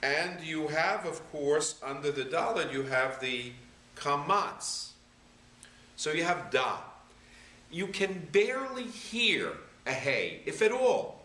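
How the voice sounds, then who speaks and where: A rabbi patiently sounding out syllables one by one in a slow reading lesson. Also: male voice, fairly high pitch, sing-song, bright, forceful tone. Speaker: rabbi teaching Hebrew reading. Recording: echoey room, voice a bit far from the mic.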